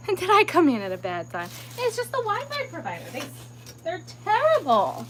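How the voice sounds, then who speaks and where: A woman's voice: very high-pitched, huge pitch swings, extremely slow, long pauses, slight background noise, rough recording. A woman hosting a crafting livestream, chatting casually and ranting in exasperation, sometimes muttering under her breath. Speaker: crochet livestream host.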